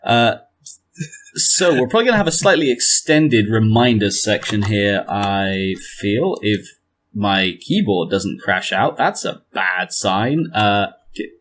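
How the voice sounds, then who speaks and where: A man's voice: fairly low pitch, animated, slow pace, a bit bright. A man running a tabletop game, chatting casually with his players and often searching for words and trailing off. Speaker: game master.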